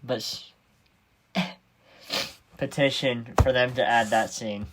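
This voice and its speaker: A man's voice: medium pitch, fairly even intonation, slow pace, background noise. A man hosting a podcast in casual chat, laughing often and acting out movie lines. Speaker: podcast host.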